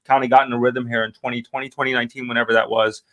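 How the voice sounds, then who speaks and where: A man's voice: mid-range voice, flat delivery, very fast, fairly bright tone. A man hosting a live online show, chatting loosely and joking, with many filler words. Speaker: host. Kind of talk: casual chat.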